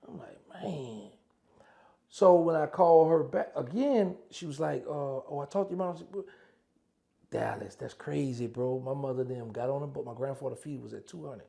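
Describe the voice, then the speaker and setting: A man's voice: a little high, normal speed, vocal fry, dark tone. A man telling his prison stories in a casual interview, acting out phone calls in dialogue as he speaks. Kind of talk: casual storytelling.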